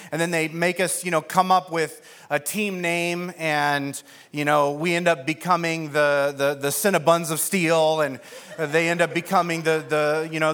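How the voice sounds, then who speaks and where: A man preaching a sermon as pastor, telling an animated, self-mocking story and acting out the voices of the people in it. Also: a little high.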